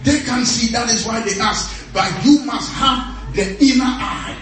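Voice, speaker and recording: A man's voice: very high voice, a little slow, a bit bright. A man preaching a sermon in a church, emphatic, repeating short phrases and laughing often. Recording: echoey church hall, mic at a distance.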